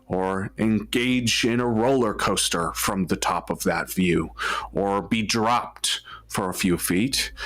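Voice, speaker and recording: A man narrating a tabletop role-playing game as game master, unhurried, with many filler sounds. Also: low voice, a bit bright.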